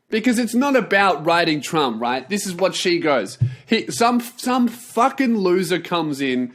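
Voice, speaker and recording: A man ranting on his vlog, sarcastic and animated, swearing constantly. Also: sits high, unhurried. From not from the United States. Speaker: vlogger. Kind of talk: profane ranting commentary.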